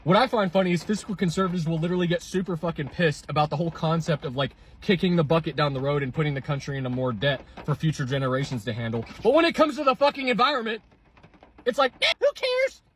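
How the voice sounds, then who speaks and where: A man shouts a furious, profane rant into his phone from his car. His voice sits high for a man. Faint rain and traffic noise run behind him. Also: animated, fast talker. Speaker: ranting clip poster.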